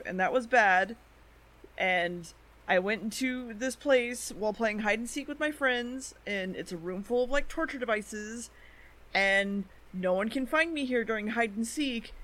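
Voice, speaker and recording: A woman's voice: on the high side, a bit bright. Chatty woman recapping an anime. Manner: chatty, quoting characters in quick asides, lots of "like" and "um". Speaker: podcast co-host. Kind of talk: casual anime episode recap.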